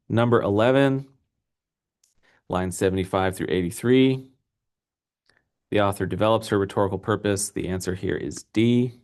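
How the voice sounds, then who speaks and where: A man's voice: low voice, vocal fry, darkish tone. A man teaching a class in an unedited recorded lesson, talking casually and rambling with many fillers.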